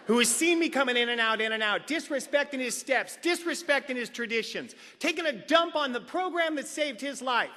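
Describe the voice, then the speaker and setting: Animated high-voiced man telling comic stories. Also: normal speed. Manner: animated comic storyteller, acts out quotes. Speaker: recovery meeting speaker. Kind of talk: comic recovery share at a meeting. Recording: reverberant hall sound.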